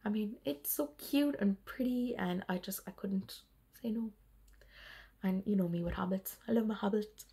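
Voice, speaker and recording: Woman vlogging about cross stitch, kinda tired, bit of vocal fry, chatty and rambly. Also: medium pitch, normal speed, warm tone. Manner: rambling, chatty, laughs often. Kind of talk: casual chat.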